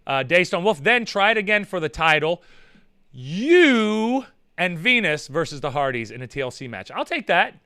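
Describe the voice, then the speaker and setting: A man's voice: a little high, pushed and bright, clear, resonant tone, no echo, studio quality. A man hosting a casual livestream chat, telling rambling, profane stories and reading viewer messages. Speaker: host.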